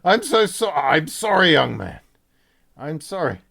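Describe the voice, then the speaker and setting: A man voicing a flustered, apologetic wounded gentleman who stammers through his words in a tabletop game. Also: lowish voice, animated, measured pace, creaky.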